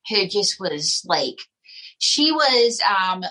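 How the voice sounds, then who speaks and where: A woman's voice: medium pitch, very animated, extremely slow, bright, forceful tone, poor audio. A woman, a guest ventriloquist and comedian, chatting and telling stories on a podcast, laughing often. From United States. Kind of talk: casual podcast chat.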